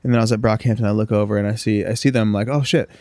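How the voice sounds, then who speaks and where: A man's voice: fairly low pitch, little pitch movement, very fast, dark tone, dry recording, clean studio sound. A young man on a casual podcast, telling a story loosely with swearing and lots of restarts. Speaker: podcast co-host. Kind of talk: casual chat.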